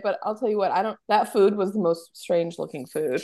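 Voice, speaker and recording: Brief: American woman, casual podcast co-host, talks fast and chatty. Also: mid-range voice, mellow. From United States. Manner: rapid, chatty, lots of fillers. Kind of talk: casual chat.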